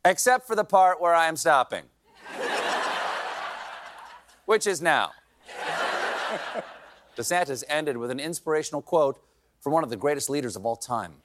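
A man's voice: on the high side, animated, normal speed, long pauses, a bit bright, a little hiss or hum. A man hosting a late-night show, delivering a comedic news monologue with sarcastic, mocking punchlines.

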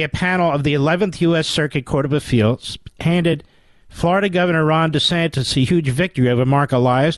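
A man's voice: a little high, no room sound. A man with a Philadelphia accent hosting a talk radio show, delivering a sarcastic, combative monologue.

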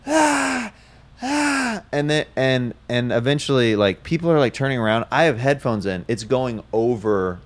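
A man on a casual comedy podcast, telling stories with lively, swinging delivery. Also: mid-range voice, normal speed, few pauses.

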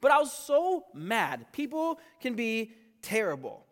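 A man in his thirties giving a casual, joking sermon as pastor, animated and conversational. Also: extremely high pitch, a little slow. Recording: reverberant hall.

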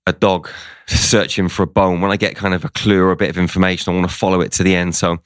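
A man's voice: low voice, little pitch movement, quick pace, no room sound. A man, a guest in an interview, telling a personal story in a casual way and quoting what people said to him.

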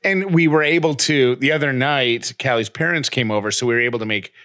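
A man in his thirties co-hosting a podcast, telling stories in a lively, animated way. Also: a little fast, dry recording, studio quality. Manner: animated storytelling, breaks into high voices for quotes. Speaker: podcast co-host. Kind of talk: casual chat.

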